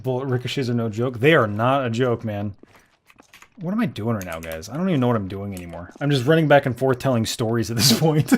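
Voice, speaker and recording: A man streaming a game live, telling rambling stories with lots of swearing and frequent laughter. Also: medium pitch. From United States. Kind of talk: casual live-stream storytelling.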